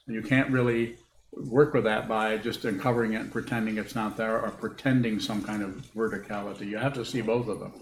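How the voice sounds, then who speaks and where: A man giving a dharma talk as a Buddhist teacher, answering questions in a halting, thoughtful way and repeating words as he rethinks. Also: fairly low pitch, fairly even intonation. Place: meditation hall with a group. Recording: echoey room with faint hiss.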